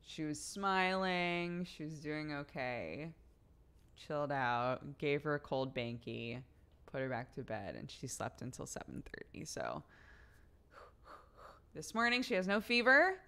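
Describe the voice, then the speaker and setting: Smooth-voiced young woman chatting casually. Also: deep voice, lively intonation, unhurried, fairly bright tone. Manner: chatty storytelling, swears freely. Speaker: livestreamer. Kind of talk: casual chat to a live audience.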